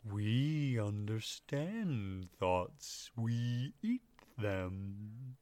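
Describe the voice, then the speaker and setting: A man voicing gentle floating creatures that eat thoughts, speaking very slowly and haltingly. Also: on the low side, lively intonation. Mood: dreamy. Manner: very slow, drawn-out, halting delivery.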